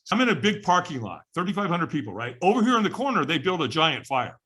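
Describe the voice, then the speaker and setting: A man telling his life story as a podcast guest, animated and acting out the voices of the people in it. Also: a little high, fast talker, breathy edge. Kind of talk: storytelling in casual interview.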